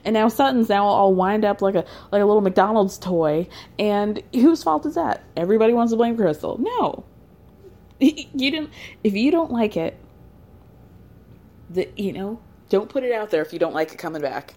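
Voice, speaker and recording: A woman hosting a podcast who recaps events in a gossipy, animated way and laughs often. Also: medium pitch, normal speed. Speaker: podcast host. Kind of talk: casual recap monologue.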